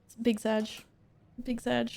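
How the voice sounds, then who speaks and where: A woman's voice: on the high side, monotone, measured pace, vocal fry, mellow. A woman streamer chatting casually while she plays a game, reading out and answering her chat and laughing often.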